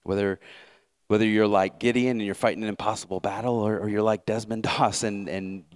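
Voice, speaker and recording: Brief: male preacher, low voice, earnest sermon delivery with restarts. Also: fairly even intonation, a little fast. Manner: earnest, repeats words as he builds a point. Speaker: pastor.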